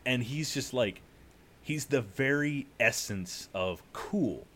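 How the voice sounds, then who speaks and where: A man co-hosting a podcast in casual chat, relaxed and rambling with lots of fillers. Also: medium pitch, slow pace. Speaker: podcast co-host. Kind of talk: casual chat about a video game.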